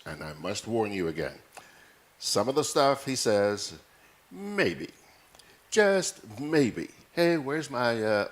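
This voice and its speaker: Deep-voiced, playful talk show host. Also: male voice. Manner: chatty, playful, jokey. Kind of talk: casual on-air chat.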